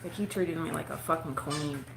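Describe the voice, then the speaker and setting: A woman's voice: sits low, moderate pace, vocal fry, echoey room, very noisy. A woman vlogger telling a personal story straight to her viewers, frank and profane, laughing often.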